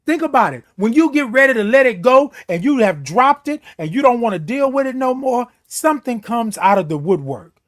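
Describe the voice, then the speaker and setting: A man's voice: very high voice, very animated, brisk. A man hosting a motivational morning talk, preaching self-worth with repetition and playful beeping sounds. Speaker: host. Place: seated in a chair.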